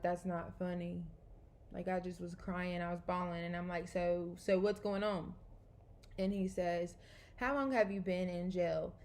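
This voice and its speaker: Woman, kinda low voice, rambling through her own story, lots of ums. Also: a little mellow. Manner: rambling, conversational, with many fillers and restarts. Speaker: storyteller sharing a personal testimony. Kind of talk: casual spoken testimony.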